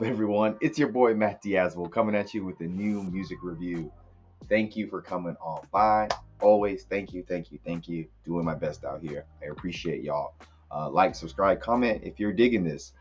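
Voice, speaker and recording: A man's voice: fairly low pitch, husky, dull audio. A man hosting a casual music review video, talking in a laid-back, rambling way. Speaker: music reviewer, channel host.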